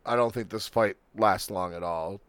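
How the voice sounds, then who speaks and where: A man co-hosting a casual fight-sports podcast, joking and swearing freely in relaxed banter. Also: lowish voice, normal speed, smooth, dry recording. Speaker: podcast co-host. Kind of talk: casual chat.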